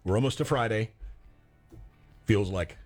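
A man's voice: on the low side, measured pace, faint music behind. A man hosting a local call-in radio show, chatting casually and reading back phone numbers. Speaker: radio host.

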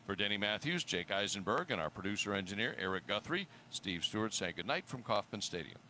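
A man signing off a baseball radio broadcast in a measured, formal manner. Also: lowish voice, big pitch swings, very noisy. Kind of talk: broadcast sign-off.

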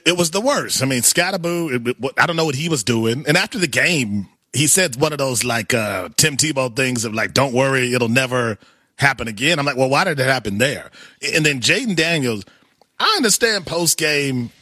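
Animated, bright-voiced male co-host. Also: medium pitch, no room sound, clean studio sound. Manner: animated, self-mocking, stammers when excited. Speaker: sports show co-host. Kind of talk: casual sports talk.

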